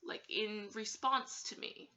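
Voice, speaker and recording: A woman's voice: mid-range voice, fairly even intonation, slow, pushed and bright. A woman telling a story in a casual vlog, giggly and hesitant, with plenty of fillers.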